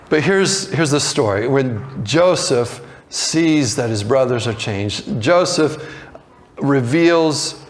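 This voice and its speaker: A man preaching a sermon, retelling a story in a conversational way and slipping into lively voices for the characters. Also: medium pitch. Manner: conversational with frequent restarts and fillers. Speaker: pastor.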